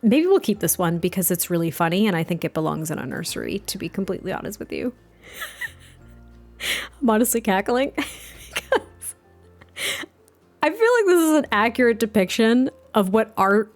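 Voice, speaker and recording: A woman's voice: medium pitch, animated, normal speed. Chatty, giggly female let's-play host narrating her game with faint music behind. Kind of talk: casual game commentary and storytelling.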